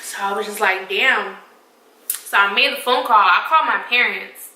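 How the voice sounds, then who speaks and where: A young woman vlogger telling a storytime tale in a lively, profane, emphatic way. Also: medium pitch, fairly quick, roomy sound, far from the mic, slight background noise, low-quality recording. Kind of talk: storytime vlog.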